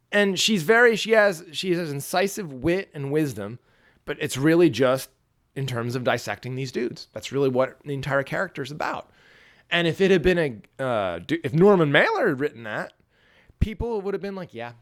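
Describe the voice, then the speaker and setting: Gravelly man rambling about a book. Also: fairly high pitch. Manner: rambling, profane, frequent restarts. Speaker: podcast host. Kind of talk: casual book discussion.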